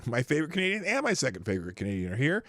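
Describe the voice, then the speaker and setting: Chatty livestream host, bright and lively. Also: male voice, mid-range voice, racing, dry recording. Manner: rambling, chatty, greets viewers by name; self-interrupting, trails off mid-sentence. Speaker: livestream news show host. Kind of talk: casual livestream chat.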